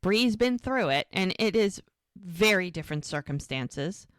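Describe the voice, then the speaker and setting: A woman's voice: fairly low pitch, lively intonation, measured pace, a bit bright, dry recording, clean studio sound. A woman co-hosting a podcast, casually retelling TV scenes and acting out the characters' lines. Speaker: podcast co-host recapping a TV show.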